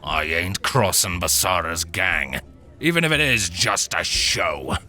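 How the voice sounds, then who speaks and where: A man voicing a burly, bearded mountain man who talks gruffly and slowly. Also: deep voice, expressive, sharp tone, soft background music, pitched below the performer's own voice, exaggerated voice. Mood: defiant.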